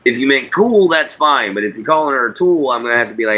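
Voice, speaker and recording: A man with a drawl hosts a laid-back livestream, chatting with viewers in a folksy, unhurried way. His voice sits in a middle pitch, and he talks from inside an RV. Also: lively intonation, bright, forceful tone, poor audio. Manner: folksy, drawling, reads chat aloud. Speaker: livestream host. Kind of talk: casual livestream chat.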